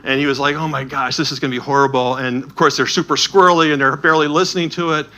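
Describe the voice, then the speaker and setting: A man giving a talk, telling lively anecdotes with quick asides and acting out the people in them. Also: fairly high pitch. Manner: animated anecdotal storytelling with asides. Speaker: speaker touring with a Bible edition. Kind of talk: storytelling talk.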